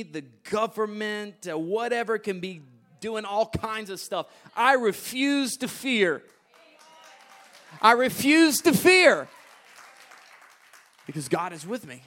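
A man with a high-pitched voice preaches, sinking into hushed, low remarks before rising into loud, emphatic proclamations. He builds his points by repeating and restarting phrases again and again.

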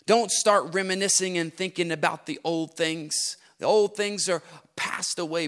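A man preaching a sermon, repeating phrases with rising emphasis and moving from hushed whispers to fervent near-shouting. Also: on the high side, fairly even intonation, unhurried. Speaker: pastor.

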